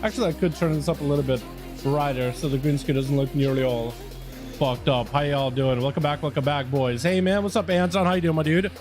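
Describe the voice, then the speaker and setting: A young gaming streamer chats casually with his livestream viewers, his talk loose and packed with swearing. His voice is a little high and fairly quick, with faint music in the background.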